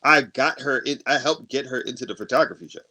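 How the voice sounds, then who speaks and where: A man's voice: mid-range voice, quick pace, pushed and bright. A man co-hosting a podcast, telling a long personal story in casual chat, acting out the arguments and laughing often. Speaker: podcast co-host.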